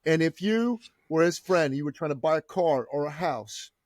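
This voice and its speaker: High-voiced guy from iran, preachy and fired up, dry close mic. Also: expressive, normal speed, a little mellow, dry recording. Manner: fervent, preacher-like delivery. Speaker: entrepreneur guest. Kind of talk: podcast interview storytelling.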